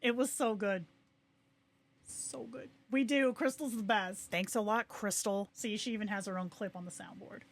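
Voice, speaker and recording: A young adult woman hosting a casual livestream, chatting excitedly and reacting to viewers with quick asides. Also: medium pitch. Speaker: livestream host.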